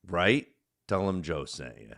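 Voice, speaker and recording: A very deep male voice with a forceful, bright edge. He rambles crudely through a live stream and swears at every turn. The sound is dry and close. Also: very animated, a little slow, dry recording. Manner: crude, rambling, swears constantly, drifts into a mumbled impression voice. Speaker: comedian streaming a live podcast.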